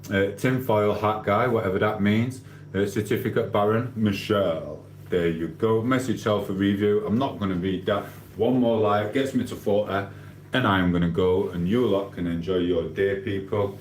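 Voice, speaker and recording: A man reads viewer comments aloud on his casual livestream, ranting bluntly and swearing cheekily. He speaks on the low side, in a steady tone at normal speed, over a roomy echo with faint hum.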